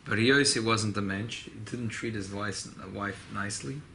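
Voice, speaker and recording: A rabbi teaching an informal class, telling a story with lively emphasis. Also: male voice, fairly low pitch, moderate pace, slight background noise. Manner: animated storyteller, mixing Hebrew and Yiddish terms.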